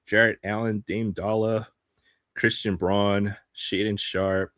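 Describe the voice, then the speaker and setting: A man's voice: fairly low pitch, little pitch movement, slow, a bit bright, no echo, clean studio sound. A man hosting a live stream, chatting casually while opening sports cards, laughing often and trailing off with ums.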